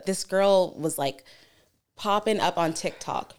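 A woman's voice: fairly low pitch, slow pace, darkish tone, clean tone. A woman in her twenties, a podcast co-host who tells a meandering story casually, with lots of fillers and some swearing.

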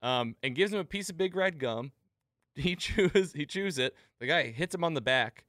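A podcast host animatedly retells a TV episode in casual chat, laughing at the jokes. His voice is fairly high, expressive and a bit bright, at normal speed, in a dry, clean studio recording.

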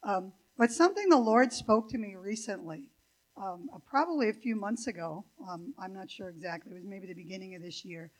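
A woman's voice: medium pitch, lively intonation, a little fast, low-quality recording. An older woman preaching a sermon in a church, chatty and digressive, with many fillers and asides. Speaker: guest preacher. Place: church sanctuary.

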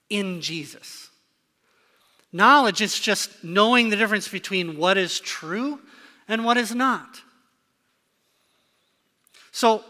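A man's voice: high voice, pushed and bright, long reverb tail. A man preaching a sermon to a congregation in a conversational style, often asking the listeners questions. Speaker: pastor. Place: church sanctuary.

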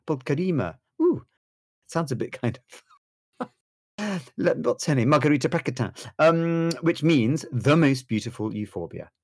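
A man's voice: mid-range voice, a little mellow, no room sound, clean studio sound. A man co-hosting a podcast, reading facts aloud with a gushing, theatrical manner. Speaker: podcast co-host. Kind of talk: casual chat reading facts.

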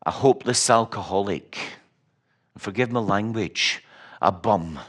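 A middle-aged Scottish man delivers a sermon at an unhurried, deliberate pace. He mixes personal stories with wry humor and repeats key words for emphasis. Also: on the low side, fairly bright tone. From Scotland. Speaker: preacher.

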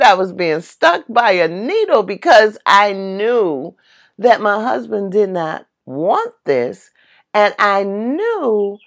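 A middle-aged woman telling a personal story in a casual monologue, emphatic and animated, laughing now and then. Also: deep voice. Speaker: vlogger.

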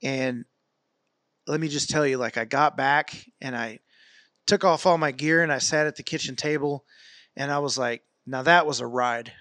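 In a clean, echo-free studio recording, a man with a slightly high voice talks at a moderate pace in a casual fitness vlog. He tells a long, rambling training story, animated and packed with fillers and restarts.

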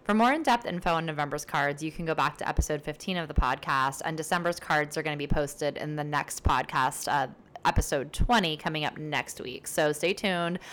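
A woman's voice: deep voice, brisk, fairly bright tone, a little hiss or hum. A woman hosting a casual solo tarot podcast, chatty and upbeat, rambling with fillers as she explains things. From based in New York City. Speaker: podcast host and tarot reader.

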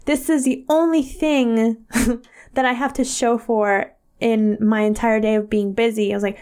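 A young woman co-hosting a casual chat, telling stories in an animated way, laughing often and acting out quotes. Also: a little high, moderate pace, smooth. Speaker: podcast co-host.

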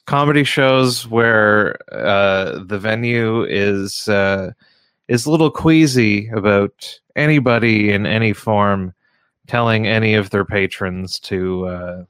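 A man hosting a casual radio talk show, speaking in a halting way with frequent restarts and fillers. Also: fairly low pitch, fairly bright tone, smooth, dry recording, clean studio sound. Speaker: radio show host and comedy show runner.

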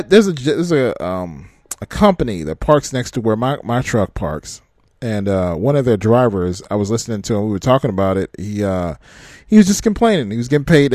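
A man's voice: mid-range voice, a little mellow, dry recording, clean studio sound. A man who drives trucks, ranting casually and profanely, often breaking into laughter. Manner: profane, rambling rant with frequent laughter. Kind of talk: casual rant to camera.

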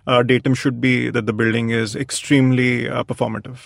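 A man's voice: medium pitch, little pitch movement, a little fast, vocal fry, no echo, studio quality. A man, answering as an architect guest in a reflective interview, thoughtful and hesitant with many fillers.

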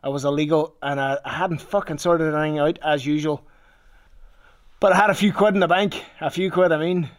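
A man's voice: on the high side, steady tone, fairly quick. A man with a Northern Irish accent telling a rambling personal story in casual talk, swearing freely. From Northern Ireland.

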